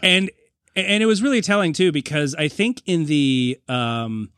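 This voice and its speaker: A man's voice: on the high side, unhurried, fairly bright tone, dry recording. A man co-hosting a podcast in casual chat, rambling with restarts and laughing often. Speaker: podcast co-host.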